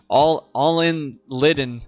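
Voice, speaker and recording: A man's voice: on the high side, slow pace, highs cut off, soft background music. A young man of Cuban background hosting a crypto livestream, chatting casually with viewers and often stumbling and repeating words.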